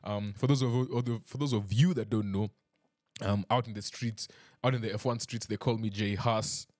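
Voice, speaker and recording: A man's voice: lowish voice, fairly even intonation, normal speed, a little mellow. Joking, chatty male podcast host. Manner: chatty, joking, self-deprecating. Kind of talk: casual chat. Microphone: desk mic.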